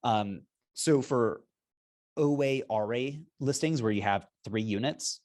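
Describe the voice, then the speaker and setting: A guest on an interview, the founder of a repricing software company, explains business strategy in an upbeat, persuasive way, chuckling often. His voice is medium-pitched and darkish in tone, and he speaks slowly.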